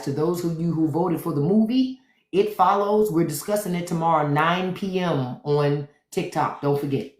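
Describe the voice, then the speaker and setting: A woman's voice: fairly low pitch, darkish tone, reverberant. A woman hosting a live stream, chatting bluntly and sassily to her viewers and brushing off trolls. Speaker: livestream host. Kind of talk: unfiltered live-stream chat. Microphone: phone for a live stream.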